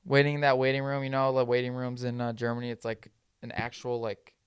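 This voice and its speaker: A young man co-hosting a podcast, chatting casually and telling animated stories. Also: mid-range voice, clear, resonant tone, no room sound, clean studio sound. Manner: animated storyteller, jumps into quick quoted voices. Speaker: podcast co-host. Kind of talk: casual chat.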